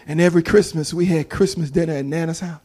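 A man in his fifties, a preacher giving a sermon that builds from quiet storytelling to shouted, tearful preaching. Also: on the high side, steady tone, fast, breathy edge. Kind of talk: sermon testimony.

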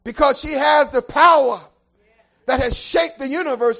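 Storytelling preacher building to shouts. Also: high-pitched, normal speed, vocal fry. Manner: vivid storytelling that builds to shouting, with call-and-response to the congregation. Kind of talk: sermon storytelling.

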